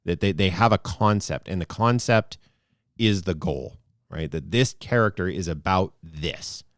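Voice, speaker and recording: Low pitched guy, rambly podcast co-host, dry close mic. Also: a little slow, no echo. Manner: rambling and thoughtful. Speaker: podcast co-host and game master. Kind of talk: casual podcast discussion.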